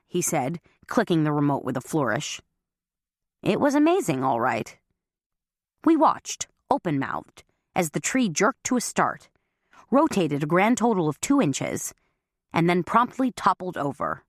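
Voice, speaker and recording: A woman's voice: deep voice, big pitch swings, a little slow, no echo, clean studio sound. A woman reading a first-person audiobook, with a wry, self-mocking manner. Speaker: audiobook narrator.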